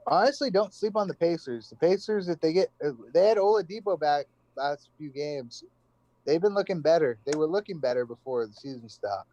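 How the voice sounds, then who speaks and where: A man's voice: on the high side, expressive, brisk, mellow, dull audio. A young man co-hosting a casual sports chat, blunt and opinionated, casually swearing. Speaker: podcast co-host.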